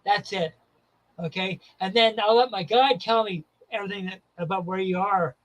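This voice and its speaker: A man from Canada, a psychic medium guest on a chat show, talking in a halting way and stumbling over words. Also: high-pitched, a bit bright, poor audio. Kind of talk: casual chat.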